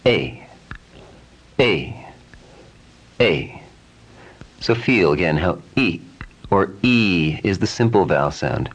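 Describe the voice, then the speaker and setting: Calm male pronunciation teacher, deep and slow, drills vowels by repetition. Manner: calm, repeats vowel sounds many times in drills. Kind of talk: slow, deliberate pronunciation lesson.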